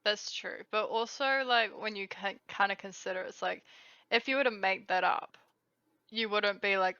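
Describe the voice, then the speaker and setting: A woman's voice: mid-range voice, moderate pace, pushed and bright, dry recording, muffled recording. A woman with a New Zealand accent co-hosting a podcast in casual chat, chatty with lots of fillers. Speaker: podcast co-host.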